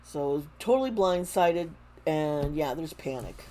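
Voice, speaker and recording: A woman giving a casual tarot reading to camera, talking slowly, with frequent restarts and fillers. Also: low-pitched, lively intonation, dark tone. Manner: slow, halting, with many restarts and fillers. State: close to tears. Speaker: tarot reader.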